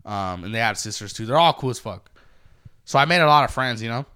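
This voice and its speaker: A man's voice: mid-range voice, animated, a little fast, pushed and bright, clear, resonant tone. A man with a cold, rambling through stories in a casual podcast chat, swearing freely and laughing often. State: congested from a cold. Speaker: podcast co-host.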